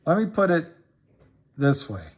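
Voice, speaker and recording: A man's voice: very animated, unhurried, slightly rough. Rambling man on a livestream, emphatic repeats. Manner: rambling, repeats himself for emphasis, pitch swings up when riled. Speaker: livestream host talking stocks. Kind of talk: casual livestream talk answering viewers.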